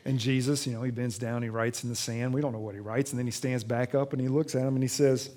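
A man preaching a sermon in a church, retelling a Bible story with dramatic swings between loud emphasis and hushed tenderness. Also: mid-range voice, steady tone, quick pace, hardly any pauses. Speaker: pastor.

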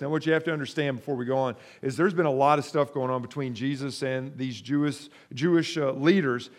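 A man's voice: medium pitch, fairly even intonation, fairly quick, few pauses. A man preaching a sermon as pastor, speaking conversationally to the congregation and pushing hard on stressed words. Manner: emphatic, rising sharply in volume for stress.

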